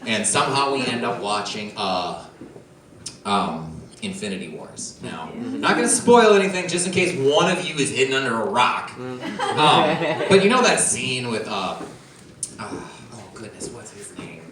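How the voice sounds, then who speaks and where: A man doing a stand-up routine on a comedy club stage, telling rambling stories with chuckles and quick impressions. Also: medium pitch, sing-song. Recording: roomy club sound from a distance, loud crowd. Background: audience laughter.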